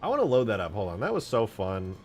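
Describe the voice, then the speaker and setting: Low-voiced man, relaxed streamer chatter. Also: fast, faint music behind. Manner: relaxed and rambling, thinking aloud. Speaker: streamer and game modder. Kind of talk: casual livestream commentary. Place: at home. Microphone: desk microphone.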